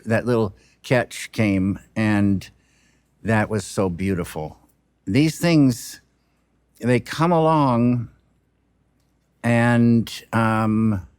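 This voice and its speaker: A film director speaking reflectively, with a halting manner of trailing off and restarting mid-sentence. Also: male voice, fairly low pitch, clean tone, no room sound, clean studio sound. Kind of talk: reflective interview talk.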